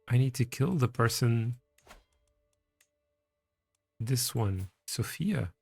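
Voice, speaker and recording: A man's voice: mid-range voice, animated, slow, gravelly, a little mellow, husky, no room sound, soft background music. A man casually commenting on his strategy game and reading its text aloud as he plays. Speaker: streamer playing a strategy game.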